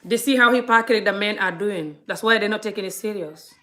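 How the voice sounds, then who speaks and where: A woman's voice: mid-range voice, fairly quick, bright, forceful tone. A middle-aged woman from Gambia vlogging in an earnest, impassioned monologue, often restarting and repeating herself. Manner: earnest, frequent restarts and repetition.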